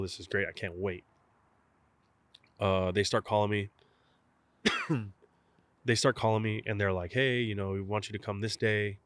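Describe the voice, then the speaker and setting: Guesting in an interview, a young South Texas man who plays professional catcher relates a story in a relaxed, animated way, performing both ends of past phone conversations. He speaks in a fairly low voice, recorded with no echo.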